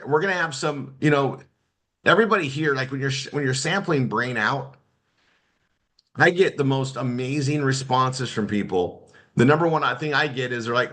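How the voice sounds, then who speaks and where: A man's voice: medium pitch, pushed and bright. A man giving a casual marketing training talk to students, rambling with many restarts and fillers. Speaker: marketing instructor.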